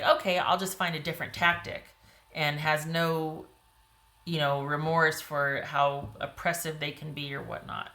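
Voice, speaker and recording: Low-voiced woman reading tarot, roomy. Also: sharp tone. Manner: chatty, rambling, frequent "you know" and "like". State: voice getting hoarse. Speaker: tarot reader.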